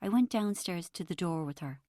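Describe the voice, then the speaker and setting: A woman reads a first-person audiobook in a measured, intimate way. Her voice sits on the low side, and the close, dry recording carries no room sound. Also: expressive, warm tone, no echo. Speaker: audiobook narrator.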